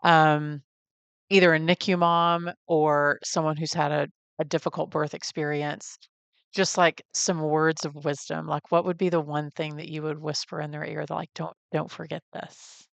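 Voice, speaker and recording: Gravelly-voiced woman podcast host. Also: deep voice, level tone, normal speed, no echo. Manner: emotional, affirming, chatty. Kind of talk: interview hosting.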